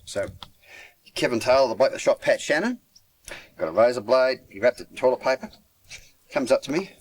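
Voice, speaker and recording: A man with an Australian accent in an interview, telling a story in an animated way and acting out other people's voices. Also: mid-range voice, a little fast. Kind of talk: anecdotal storytelling.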